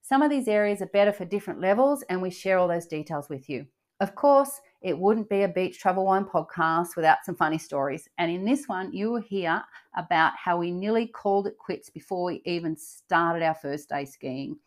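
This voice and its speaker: Older woman host, lowish voice, chatty and upbeat, casual travel podcast. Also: expressive, normal speed. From Australia. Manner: chatty, upbeat, frequent fillers and restarts.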